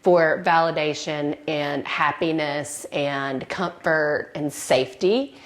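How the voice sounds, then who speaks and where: A woman's voice: low voice, slow pace. Candid woman sharing a heartfelt story. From American South. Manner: candid, heartfelt, trailing off with fillers. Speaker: client and guest. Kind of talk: reflective personal testimonial.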